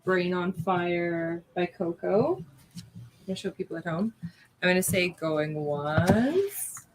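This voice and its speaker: A woman hosting a live-streamed art auction, chatty and quick to laugh, calling bids and prices. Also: fairly low pitch, background noise.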